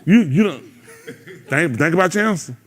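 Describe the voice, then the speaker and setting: A man with a fairly high pitch, lively intonation, and moderate pace leads a congregation's Bible study. The class is casual and joking, with him bantering and laughing with the group between scripture readings.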